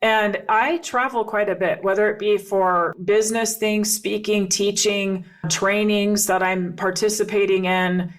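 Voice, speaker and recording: A woman's voice: mid-range voice, steady tone, a little slow, hardly any pauses. A middle-aged woman hosting a podcast, telling a personal story in an earnest, reflective way and repeating phrases for emphasis. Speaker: podcast host and coach.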